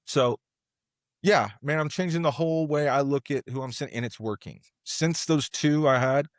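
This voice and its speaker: A man's voice: on the high side, normal speed, dry recording, clean studio sound. A man guest on a podcast, telling his story in an earnest, passionate, rambling way with lots of fillers. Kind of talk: casual interview conversation.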